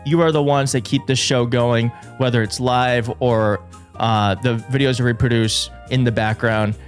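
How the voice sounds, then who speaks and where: A man hosting a live political commentary show, excitable and jokey, often restarting his sentences. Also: mid-range voice, unhurried, faint music behind. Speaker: show host. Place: studio in a big city.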